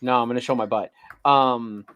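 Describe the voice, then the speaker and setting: A man's voice: medium pitch, steady tone, normal speed, clean tone, highs cut off. A man co-hosting a show, chatting in an easygoing way and filling his sentences with "like" and "you know". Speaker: podcast co-host. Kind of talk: casual chat.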